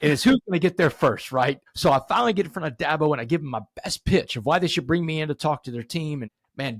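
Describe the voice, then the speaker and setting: A man in his forties, a podcast guest, telling his story emphatically and rising to animated peaks. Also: mid-range voice, creaky, husky, no room sound, clean studio sound. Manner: addresses host directly, asks rhetorical questions. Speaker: podcast guest, motivational speaker.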